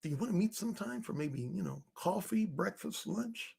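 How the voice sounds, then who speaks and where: A soft, hesitant, stammering voice of an awkward man fumbling an invitation, as another man mocks him. It stays hushed and unsure, trailing off between words. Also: sits high, animated, moderate pace, vocal fry, breathy edge, full character voice. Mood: timid. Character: timid, awkward man nervously asking a woman out.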